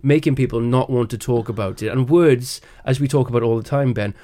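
A man's voice: mid-range voice, a little fast, mellow. An earnest man co-hosts a casual podcast chat. He stops and restarts as he finds his words, and he acts out small anecdotes. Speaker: podcast co-host.

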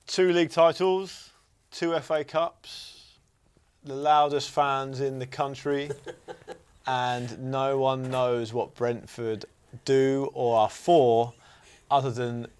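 A man serving as team captain on a quiz show, brisk and cheeky in his banter. His voice is smooth and resonant, at an average pitch for a man. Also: fairly even intonation, darkish tone.

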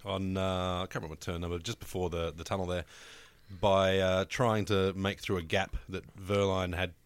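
Low-voiced Australian man telling crude stories. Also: level tone, normal speed, no room sound. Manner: storytelling, crude jokes, hesitant fillers. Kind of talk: casual chat.

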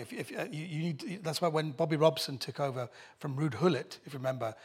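A man's voice: on the high side, a little fast, slightly rough. A man, a guest comedian on a panel show, talking football with jokes. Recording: live audience laughter.

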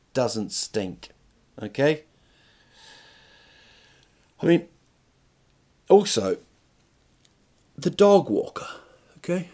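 Middle-aged man, podcast host, solo comic ramble, mid pitch, crude asides, stop-start phrasing. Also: darkish tone. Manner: rambling, stop-start, crude jokes, rising rhetorical questions. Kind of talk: comic monologue.

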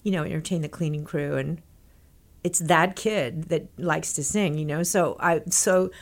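Older lady from texas, lowish voice, animated storyteller in an interview, laughs a lot. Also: moderate pace. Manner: lively storyteller, acts out quotes, laughs often. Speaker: guest.

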